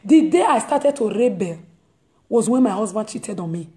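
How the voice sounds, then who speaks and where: A woman's voice: mid-range voice, expressive, moderate pace, warm tone. A woman, hosting her own talk and preaching emphatically to her listeners, repeating phrases as she drives her point home. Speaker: host. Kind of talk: impassioned preaching monologue.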